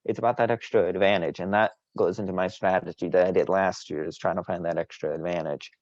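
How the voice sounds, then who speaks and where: A man's voice: deep voice, steady tone, fast, no echo, muffled recording. A man co-hosting a casual sports podcast, boastful and teasing, rambling with frequent restarts. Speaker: podcast co-host.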